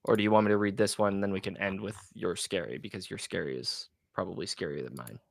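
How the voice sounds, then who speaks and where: A man's voice: low-pitched, fast talker, vocal fry, dry recording. A man co-hosting a podcast, reading ghost stories aloud and stumbling over some words. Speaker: podcast co-host.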